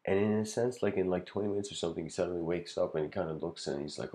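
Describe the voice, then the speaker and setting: A man's voice: low voice, fairly even intonation, very fast, hardly any pauses, dark tone. A man giving a casual lecture, telling a story in a rambling way with lots of filler words and frequent chuckles.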